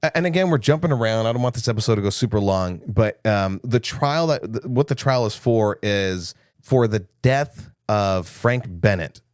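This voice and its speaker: A man's voice: fairly low pitch, normal speed, no room sound, studio quality. A young man co-hosting a casual movie podcast, recapping scenes with jokes and quoted lines. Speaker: podcast co-host.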